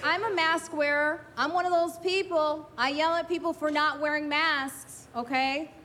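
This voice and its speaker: A woman's voice: high-pitched, fairly even intonation, moderate pace, pushed and bright, slight background noise. A middle-aged woman doing a brash, confiding, self-mocking stand-up set at an outdoor drive-in show. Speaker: stand-up comedian. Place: outdoor drive-in stage, parking lot.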